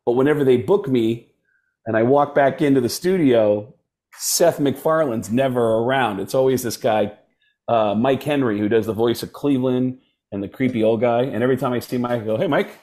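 A man, a guest comedian, telling casual stories with lots of quick voices and laughs. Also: medium pitch. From United States. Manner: animated, does quick voices mid-story, laughs through anecdotes. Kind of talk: casual storytelling.

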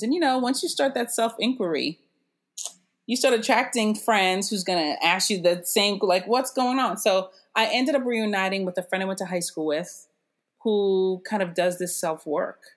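A middle-aged woman with a medium-pitched voice tells her story as a guest in a casual interview. She's animated and laughs often while acting out what other people said.

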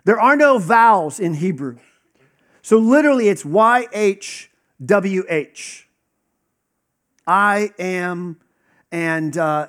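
A man preaching a conversational sermon, teaching casually with lots of fillers and acted-out dialogue. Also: sits high.

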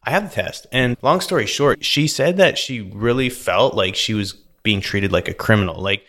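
Man, podcast co-host, casual storytelling, filler-heavy, fairly low voice. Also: normal speed. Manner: animated, filler-heavy retelling with many "like"s.

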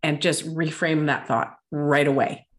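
A woman's voice: low voice, flat delivery, unhurried. A woman in casual conversation, sharing a tip in an encouraging way. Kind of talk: casual chat.

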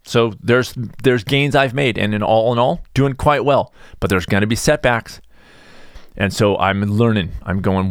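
A middle-aged man talks through a casual solo podcast in a low voice, rambling and self-deprecating, with animated little tangents. The sound is dry and close, with no room around him. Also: normal speed, clear, resonant tone, dry recording. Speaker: podcast host.

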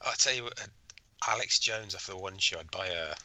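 A man's voice: sits low, fairly quick, pushed and bright, no room sound, rough recording. A man co-hosting a podcast, chatting in an easygoing, enthusiastic way. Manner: easygoing, enthusiastic, laughs often. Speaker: podcast co-host. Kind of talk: casual chat.

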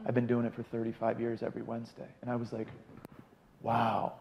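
A man's voice: medium pitch, a little fast, gravelly, long reverb tail. A man telling his recovery story in a casual chat, acting out the people he quotes. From Arizona. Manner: animated, quotes people in voices. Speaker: podcast guest in recovery.

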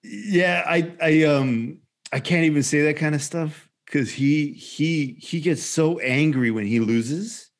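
A man in his forties casually chatting as a podcast co-host, telling an animated story with swearing and acted-out quotes. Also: on the high side, slow. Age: 40s. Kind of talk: casual chat.

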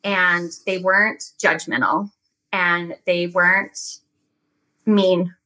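A woman talking as a podcast guest in casual chat, telling stories in an animated way with many fillers. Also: lowish voice, takes it slowly, poor audio.

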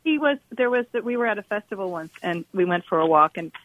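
A woman's voice: medium pitch, lively intonation, quick pace, dry recording, highs cut off. A woman musician talking as a radio interview guest, chatty and rambling and laughing often. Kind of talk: casual interview conversation.

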